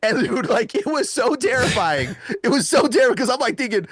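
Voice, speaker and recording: A man, a guest exorcist, telling an excited story in casual, slangy talk during an interview. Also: extremely high pitch, a little fast, slightly rough, no room sound, studio quality. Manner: animated and casual, full of slang asides.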